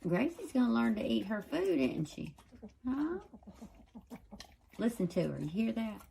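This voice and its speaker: Gravelly-voiced woman talking to her dogs. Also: a little high, very animated, unhurried, dark tone, a little hiss or hum. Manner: coaxing, scolding pet-talk. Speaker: dog owner filming her pets. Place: home indoors.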